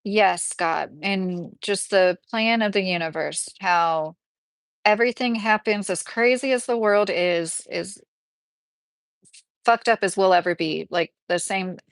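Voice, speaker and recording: A woman's voice: mid-range voice, a little slow, no echo. Woman, Kentucky accent, casual livestream chat, rambling, chatty, dry close mic. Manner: rambling, chatty, full of fillers. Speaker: livestream host.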